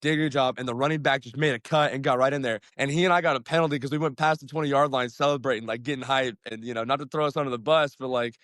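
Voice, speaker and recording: A young man, a high school football coach, talks in a casual interview, upbeat and rambling, with lots of fillers and restarts. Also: fairly even intonation, fast talker, hardly any pauses, a bit bright, no echo, clean studio sound.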